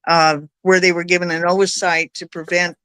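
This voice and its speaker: A woman's voice: fairly low pitch, flat delivery, a little fast, a bit bright, clean tone, no room sound. A woman telling anecdotes in a casual podcast chat. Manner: chatty, anecdotal.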